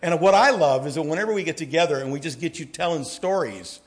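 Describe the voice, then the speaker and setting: A middle-aged male pastor preaches in a rambling, storytelling way. His pitch sits a touch high and climbs sharply when he gets excited, then drops to hushed asides. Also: quick pace. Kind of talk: sermon with personal stories.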